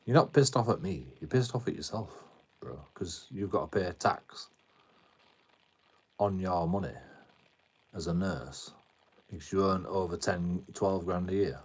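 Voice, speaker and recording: A man's voice: deep voice, very animated, moderate pace, long pauses, breathy edge. A British man live streaming, arguing with his chat in a combative tone, swearing a lot and repeating himself. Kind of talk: ranting at chat on a livestream.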